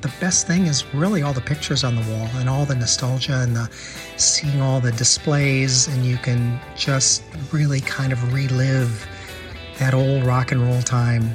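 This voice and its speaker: A man's voice: mid-range voice, fairly even intonation, unhurried, music in the background. An American man hosting a casual travel podcast, chatty and enthusiastic, often repeating words as he thinks. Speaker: podcast host.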